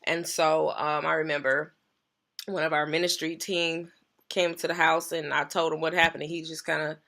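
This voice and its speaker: A woman's voice: low voice, level tone, moderate pace, pushed and bright. A woman pastor sharing a personal story in an earnest, emphatic way, repeating key phrases.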